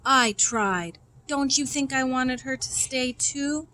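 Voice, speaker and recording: A woman voicing a gentle, grieving preacher father who speaks low, slow and soft. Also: slight background noise, exaggerated voice. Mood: sad.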